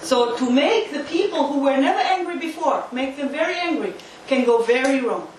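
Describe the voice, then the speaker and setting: Woman, lecturer, emphatic and animated, high voice, distant mic, very echoey hall. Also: normal speed. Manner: emphatic, uses volunteer demonstrations. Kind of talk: interactive lecture. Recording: echoey hall from far off, faint noise.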